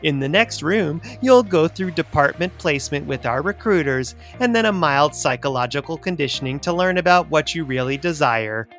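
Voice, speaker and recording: A man's voice: on the high side, animated, moderate pace, few pauses, a bit bright, faint music behind. A man voicing the upbeat, salesy narrator of a company orientation video. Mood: cheery.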